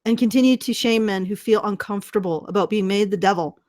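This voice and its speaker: A woman's voice: medium pitch, fast talker, darkish tone. A woman hosting a podcast in casual commentary, sarcastic and profane, often restarting her words. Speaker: podcast host.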